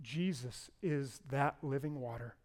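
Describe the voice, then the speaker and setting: A man preaching a sermon as a pastor. He swings between loud proclamations and quiet asides and asks the congregation questions. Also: medium pitch, measured pace.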